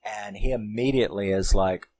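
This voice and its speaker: A man's voice: lowish voice, normal speed, darkish tone, husky, rough recording. A man casually recapping a film, rambling and emotional, with lots of fillers and swearing. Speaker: film reviewer.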